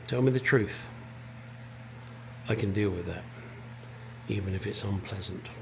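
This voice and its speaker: A man's voice: lowish voice, measured pace, gravelly, a little mellow, slight background noise. A middle-aged English man restoring a classic car in his home garage, talking bluntly to the camera and swearing freely. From England. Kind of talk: casual workshop vlog.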